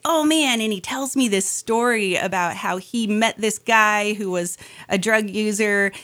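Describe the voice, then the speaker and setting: A middle-aged woman telling her life story in a relaxed conversation, acting out the voices of the people she quotes. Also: sits low. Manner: animated, acts out quoted voices.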